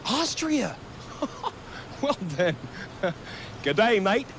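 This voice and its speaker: A man's voice: sits high, big pitch swings, very slow, noisy background, voice pushed up, exaggerated voice. A man voicing a cheery man who hams up a fake Australian accent in a chuckling, sing-song way. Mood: teasing.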